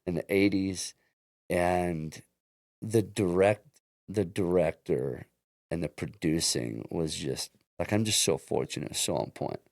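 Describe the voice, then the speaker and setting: A man's voice: low voice, takes it slowly, vocal fry, a little mellow, no echo, studio quality. A man guest on an interview podcast, telling his own story earnestly and often restarting his sentences. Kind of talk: casual interview chat.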